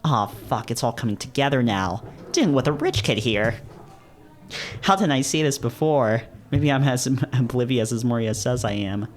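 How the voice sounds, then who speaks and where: A man reading a visual novel aloud in the first person, breaking off into casual, swearing, laughing commentary. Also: mid-range voice. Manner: casual, swears and laughs, quick animated reactions.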